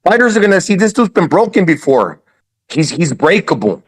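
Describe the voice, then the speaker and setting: A man's voice: high voice, sing-song, moderate pace. A man chatting casually on a podcast, plainspoken and matter-of-fact. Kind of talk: casual chat.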